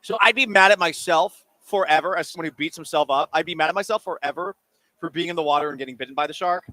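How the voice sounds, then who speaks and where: Speaking fast with a slightly high voice and no room sound, a man hosts a sports radio show. In the studio he chats and jokes animatedly with listeners' call-in questions, eating while he talks, recorded on a studio microphone.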